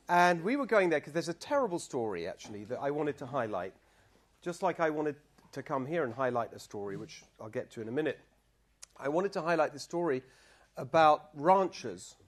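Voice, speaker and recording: British guy, middle-aged, campaign talk at a bbq place, jokey with the crowd, voice a bit high. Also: lively intonation, normal speed. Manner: chatty, self-deprecating, banters with the crowd. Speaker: political candidate. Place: barbecue restaurant event.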